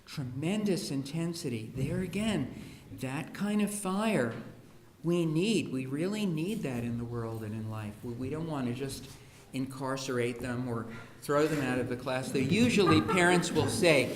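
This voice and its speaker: A man's voice: medium pitch, a little slow. A man giving a humorous talk on education to an audience, acting out the voices of parents and children as he tells stories. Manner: humorous storyteller, acts out quoted children and parents. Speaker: speaker on education. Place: school hall. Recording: echoey room with faint hiss.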